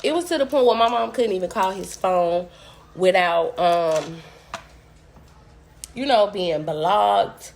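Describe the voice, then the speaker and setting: A woman's voice: mid-range voice, slow, creaky, long pauses, a little mellow, a little hiss or hum. A young woman vlogger telling a story casually while she eats, blunt and profane.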